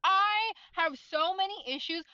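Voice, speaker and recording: A woman's voice: very high-pitched, measured pace, pushed and bright, dry recording, lo-fi sound. A woman in a casual book club chat, ranting with heavy profanity.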